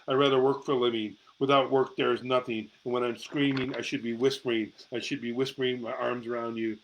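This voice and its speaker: A man's voice: medium pitch, poor audio. A middle-aged man giving a live-streamed reading of his own poetry, with raw, intense delivery and free swearing, into a phone or webcam held close. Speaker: amateur poet and show host.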